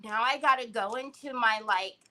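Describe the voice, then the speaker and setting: High, bright-voiced woman crafting host. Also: moderate pace. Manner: chatty, greets viewers by name while crafting. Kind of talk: casual livestream chat.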